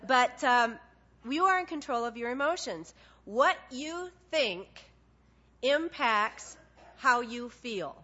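A woman preaching a sermon, animated and conversational, acting out little dialogues with God. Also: on the high side, takes it slowly. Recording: dull lo-fi sound.

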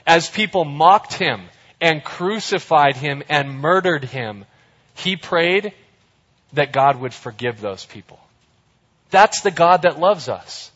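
A man preaching a sermon, emphatic, slowing down for scripture and turning loud and playful with his audience. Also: fairly high pitch, animated. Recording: echoey hall, dull sound.

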